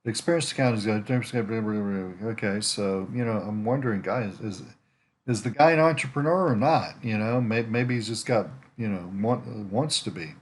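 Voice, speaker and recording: Rambling man thinking out loud. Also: fairly low pitch, normal speed, slight background noise. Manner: thinks aloud, rambling with restarts and asides. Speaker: network marketer prospecting on a social site. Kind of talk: casual screen-share commentary. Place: at home in winter.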